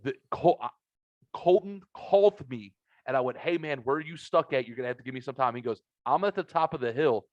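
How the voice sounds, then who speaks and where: Brief: middle-aged male podcast host, swears freely, animated storyteller, dry dull lo-fi sound. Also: mid-range voice, fairly quick, no echo. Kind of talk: casual storytelling chat. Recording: dull lo-fi audio.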